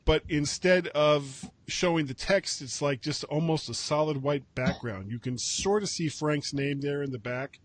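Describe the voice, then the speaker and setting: A man's voice: a little high, measured pace, few pauses, dry recording. Rambling man hosting a tech chat. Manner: rambling, self-correcting, wry. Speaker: podcast host. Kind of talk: casual chat about tech news.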